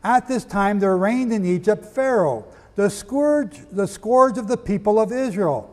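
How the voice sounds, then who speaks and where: A man's voice: sits high, a little slow. A man teaching a lecture-style sermon, reading quotations aloud and asking the audience questions. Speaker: Bible teacher. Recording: long hall reverb.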